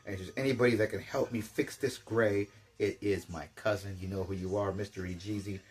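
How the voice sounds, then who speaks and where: A man's voice: on the low side, brisk. An older man chatting casually through a toy unboxing, rambling with jokey asides. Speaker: toy collector.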